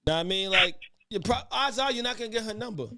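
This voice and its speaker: A man's voice: sits high, fast, bright, forceful tone. A man hosting a casual podcast debate, who keeps calling for order and talks in rambling restarts. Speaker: podcast host.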